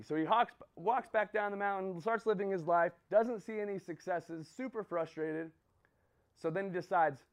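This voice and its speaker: A man's voice: sits high, moderate pace. A man giving a motivational talk to a group, telling a story and checking in with "right?" and "okay?". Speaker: motivational speaker.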